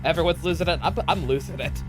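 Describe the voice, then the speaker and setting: A woman's voice: low voice, quick pace, over music. A woman streaming a game, chatting casually, joking, swearing and laughing as she reads along. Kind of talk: casual let's-play chat with voice reading.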